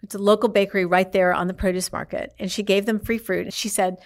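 Animated woman telling a story. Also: mid-range voice, fast talker. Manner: animated, acts out quoted speech. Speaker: interviewee telling her mother's story. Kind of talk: casual storytelling.

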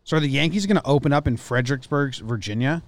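A man's voice: mid-range voice, expressive, fast talker. A man co-hosting a casual sports podcast, joking and loose, often trailing off and restarting his sentences. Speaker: podcast co-host.

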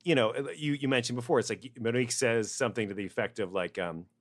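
A man's voice: mid-range voice, fast talker. A man hosting a podcast interview, an enthusiastic voice actor. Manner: enthusiastic, animated. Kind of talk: casual interview chat.

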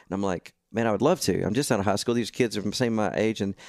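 Man, animated storyteller; quotes others in put-on voices; dry studio sound. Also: on the low side, fast, no room sound. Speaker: guest musician. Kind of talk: storytelling in casual chat.

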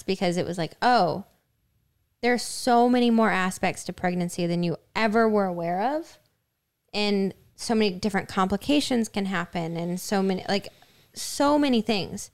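A young woman co-hosts a casual podcast, telling a personal story with plenty of fillers. Her voice is smooth and clear, at a middle pitch for a woman. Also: moderate pace. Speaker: podcast co-host.

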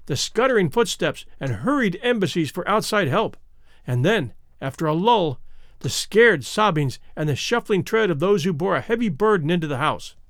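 A man narrating classic short stories aloud in a measured, expressive reading with deliberate pauses. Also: sits high, dry recording, clean studio sound. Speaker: audiobook narrator.

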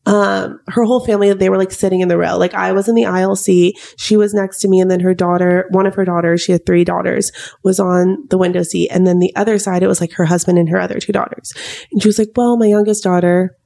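Young woman with a creaky voice. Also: fairly low pitch, fairly even intonation, fast talker, dark tone. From United States. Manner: chatty storytelling, lots of "like" and "um". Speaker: podcast co-host. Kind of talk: casual chat.

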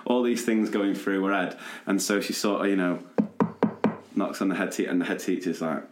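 A man co-hosting a podcast, telling a funny story in a lively, chatty way and laughing as he goes. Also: sits low, fast. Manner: animated anecdote-telling with laughter and quoted voices. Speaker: podcast co-host. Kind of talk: casual storytelling chat. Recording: roomy echo.

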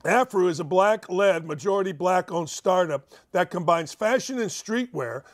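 A male talk show host with a high-pitched voice reads news pieces aloud and mocks them. He is sarcastic and incredulous, one moment loud and the next muttering under his breath. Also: expressive, normal speed. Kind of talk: mocking commentary on news articles.

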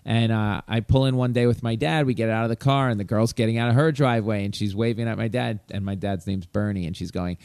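A man hosting a casual chat, telling anecdotes in an animated way and acting out the quotes. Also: lowish voice, quick pace, few pauses, smooth, no echo, studio quality. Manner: animated anecdote teller who acts out quotes.

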